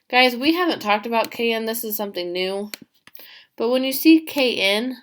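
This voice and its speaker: A woman teacher giving a remote class, reading a story aloud and asking her pupils questions in an animated way. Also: medium pitch.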